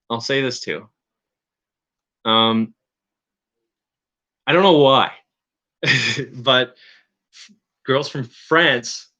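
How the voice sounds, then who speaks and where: Bright-voiced rambling man from Newfoundland. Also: mid-range voice. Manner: rambling, halting, with frequent restarts and chuckles. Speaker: streamer. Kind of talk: casual chat to viewers.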